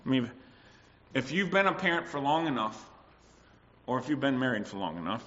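A man delivering a sermon with a bright, forceful voice, often turning to the congregation for agreement. He acts out quoted voices along the way. The recording sounds dull and lo-fi. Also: medium pitch, very animated, brisk, pauses often, slight background noise. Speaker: preacher.

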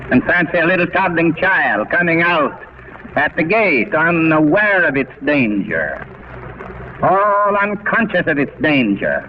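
A man preaching a sermon in a deliberate, rhetorical manner who repeats words for emphasis. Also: on the high side. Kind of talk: radio sermon. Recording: dull, faintly hissy old radio recording.

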